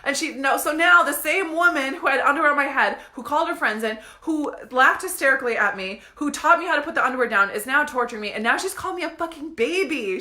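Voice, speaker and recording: Profane, animated American woman. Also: high-pitched, fast talker, hardly any pauses. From United States. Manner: animated, profane, laughing often. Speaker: business coach. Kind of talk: casual storytelling. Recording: echoey room.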